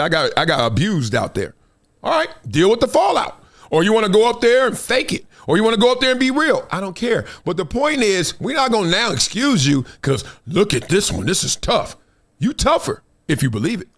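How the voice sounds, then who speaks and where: A man hosting a live sports talk show, animated and laughing often, dropping his voice for quoted asides. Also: sits high, a little fast. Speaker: host.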